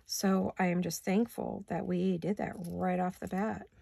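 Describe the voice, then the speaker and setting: A woman's voice: on the low side, steady tone, unhurried, creaky, warm tone, husky, no echo. A middle-aged woman chatting casually as she crafts, thinking aloud and laughing often. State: hiccuping. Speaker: craft vlogger. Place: home craft studio.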